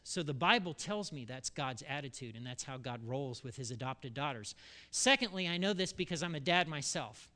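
A middle-aged man preaching a sermon as pastor, telling a story with sudden loud bursts and quiet asides. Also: fairly high pitch.

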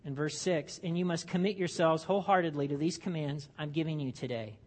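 A man's voice: on the high side, a little fast, darkish tone. Conversational male pastor preaching. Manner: conversational, joking asides, frequent restarts. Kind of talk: sermon. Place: church.

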